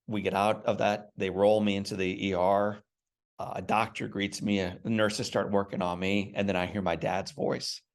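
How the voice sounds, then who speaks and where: Earnest gravelly-voiced man. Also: fairly low pitch, level tone, normal speed. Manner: earnest, emphatic storyteller. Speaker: guest. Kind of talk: storytelling in a podcast interview.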